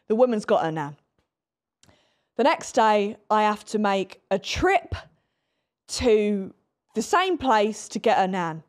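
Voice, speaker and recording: A woman's voice: medium pitch, sing-song, unhurried, long pauses. A woman in her twenties, hosting a podcast, telling a story in a chatty, dramatic way with swearing. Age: 20s. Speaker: podcast host. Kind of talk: casual storytelling chat.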